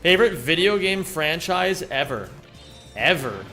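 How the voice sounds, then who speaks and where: A man's voice: fairly high pitch, very animated, measured pace, pushed and bright, soft background music. A man streaming a speedrun, chatting loosely with his viewers, greeting them by name and rambling between thoughts. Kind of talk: live-stream chat while speedrunning.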